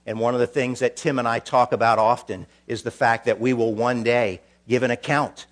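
A man preaching a sermon, charging a young preacher, swinging from quiet, solemn passages to loud, emphatic ones. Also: mid-range voice, little pitch movement, moderate pace. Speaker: pastor.

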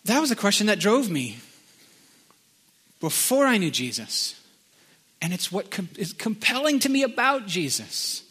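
A man's voice: sits high, sing-song, moderate pace, bright, forceful tone, breathy edge. A middle-aged man, preaching a conversational sermon and slipping into sung lines. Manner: conversational storytelling with sung snippets. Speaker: pastor.

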